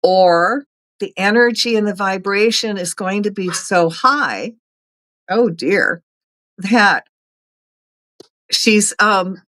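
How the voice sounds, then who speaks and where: A woman's voice: medium pitch, lively intonation, takes it slowly, long pauses, fairly bright tone, no echo, rough recording. A middle-aged woman hosting a casual spiritual talk, earnest, chatty and encouraging. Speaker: host.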